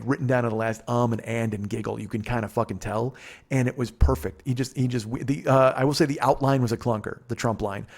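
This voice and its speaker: Podcast host, forties, male, mid-pitched, swears a lot, rambles excitedly through anecdotes. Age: 40s. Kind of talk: casual storytelling chat.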